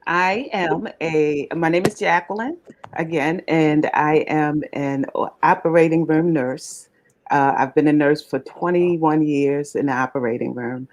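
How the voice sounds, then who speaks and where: A woman, an operating room nurse, chatting as a guest, cheerful and excitable as she tells a story. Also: deep voice, unhurried. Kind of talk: casual interview chat.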